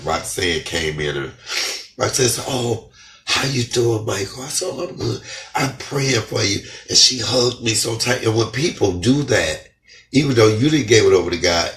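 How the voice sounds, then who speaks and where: Fervent hoarse man, deep voice. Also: fairly bright tone. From United States. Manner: fervent, repetitive, crying with joy. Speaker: comedian vlogger. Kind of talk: emotional testimony vlog. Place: his house, indoors. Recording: echoey room, off-mic.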